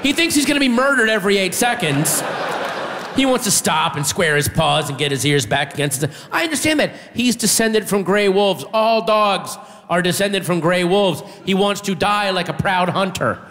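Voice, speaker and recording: A man doing a stand-up comedy set, telling a story with animated delivery and shouting his punchlines. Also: high voice, normal speed. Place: comedy club stage with audience. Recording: reverberant room with faint audience.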